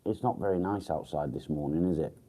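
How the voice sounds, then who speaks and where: A man's voice: a bass voice, brisk, warm tone. A man hosting a casual morning live stream, still groggy and rambling with fillers and the odd swear word. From England. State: groggy, just woken up. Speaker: livestream host.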